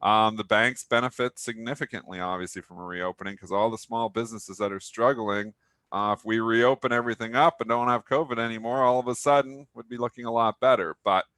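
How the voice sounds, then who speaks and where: A man with a bright, forceful voice talking through stock moves in loose, joking banter. The sound is dry and close, with no room around it. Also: mid-range voice, steady tone, a little fast, dry recording. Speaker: co-host of a pre-market stock show. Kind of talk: casual market chat.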